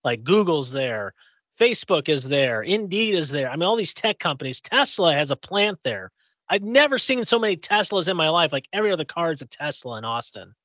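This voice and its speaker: A man's voice: on the high side, big pitch swings, brisk, pushed and bright, no room sound, highs cut off. A man from Indiana co-hosting a podcast, chatting casually and telling a long story with many fillers and restarts. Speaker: podcast co-host. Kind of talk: casual chat.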